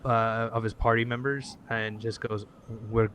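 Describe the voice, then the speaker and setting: A man's voice: medium pitch, level tone, normal speed, fairly bright tone, slight background noise. A man playing a tabletop role-playing game, talking eagerly and hesitantly with fillers. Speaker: player.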